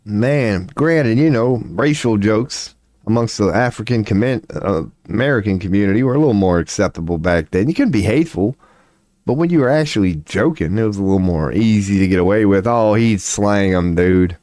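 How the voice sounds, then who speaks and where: A man in his forties talks loosely on a livestream, swearing freely and laughing as he rambles. His voice sits on the low side. The sound is dry, with no room echo. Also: animated, brisk, a little mellow. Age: 40s. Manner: rambling, profane, laughs often. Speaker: streamer. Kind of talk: casual livestream chat.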